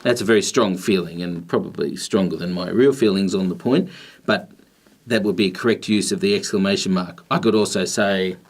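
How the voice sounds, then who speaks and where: A man with a somewhat low voice teaches a grammar video lesson. He explains patiently and deliberately, pausing between phrases as he goes. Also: slightly rough. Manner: patient, measured explaining with pauses.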